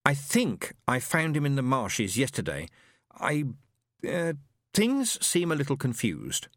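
A man's voice: mid-range voice, huge pitch swings, a little slow, no echo, clean studio sound, pitched above the performer's own voice. A man voicing a nervous, bewildered young man who speaks in a hesitant, stammering way. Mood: unsure. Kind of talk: audiobook character reading.

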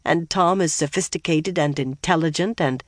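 A woman's voice: low-pitched, normal speed, no room sound, lightly acted. A young noblewoman speaks with determined firmness that keeps slipping into hesitation, as an audiobook reader puts her on. Her voice is close and dry, with little room sound. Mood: firm. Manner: firm, then hesitant.

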